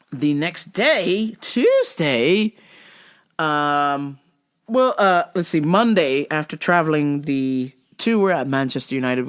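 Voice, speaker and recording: A man's voice: medium pitch, fairly bright tone. Male host, swears constantly, rambles, stops and restarts, laid-back monologue. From United States. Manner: profane, rambling, many fillers and restarts. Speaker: podcast host. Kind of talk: casual travel-recap monologue.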